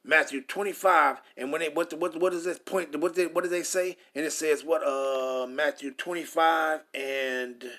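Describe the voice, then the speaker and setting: High-voiced man preaching confrontationally. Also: steady tone, normal speed, hardly any pauses, bright, forceful tone. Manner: reads verses then rants with heavy profanity; stumbles over words. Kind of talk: confrontational scripture sermon.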